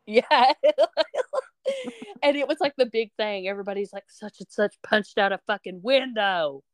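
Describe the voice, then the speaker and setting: A young woman hosting a podcast, casually telling a story with animated energy and frequent swearing, acting out the people she quotes. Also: medium pitch, normal speed, no room sound, studio quality. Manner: animated, acts out quoted voices, swears freely. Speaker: podcast host.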